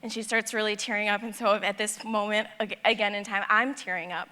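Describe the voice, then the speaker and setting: A woman giving a personal storytelling talk at a conference, animated and acting out the dialogue. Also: mid-range voice, brisk. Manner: animated, acts out dialogue in her stories. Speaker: conference speaker. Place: large conference hall. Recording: long hall reverb.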